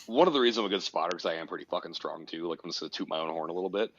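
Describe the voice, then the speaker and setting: A man's voice: low-pitched, racing, no room sound. A man guesting on a podcast, telling a personal story with blunt, emphatic, profanity-laced conviction. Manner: emphatic, swears often, tells stories intensely. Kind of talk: casual podcast conversation. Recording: dry, slightly muffled podcast audio.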